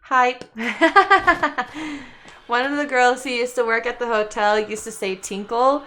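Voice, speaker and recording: A woman's voice: fairly high pitch, takes it slowly, bright, forceful tone, a little hiss or hum. A woman streaming a game, chatting casually with viewers, giggly and chatty, who coos baby talk at her cat. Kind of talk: casual gaming livestream chat.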